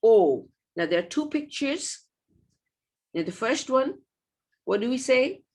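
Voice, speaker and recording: A woman's voice: fairly high pitch, big pitch swings, slow pace, darkish tone, husky. A woman teaching an online phonics lesson to young children, patient and sing-song, repeating each word several times and checking in with rising questions. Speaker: early years teacher.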